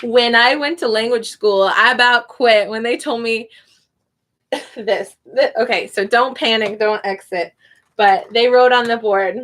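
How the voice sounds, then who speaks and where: Woman, 30s, Spanish teacher on a live online lesson; unhurried, slightly high, playful delivery with frequent laughs. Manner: animated, laughs often, slow demonstrations.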